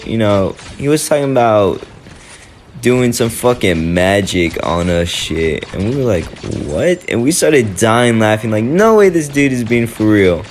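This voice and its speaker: Young man telling a rambling story. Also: lowish voice. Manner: rambling and profane, heavy with fillers. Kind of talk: casual storytime vlog.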